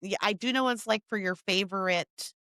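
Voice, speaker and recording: Woman, podcast co-host, casual chat, lively storyteller, mid pitch, dry close recording. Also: a little fast, no echo. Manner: lively storytelling, rising loud when excited.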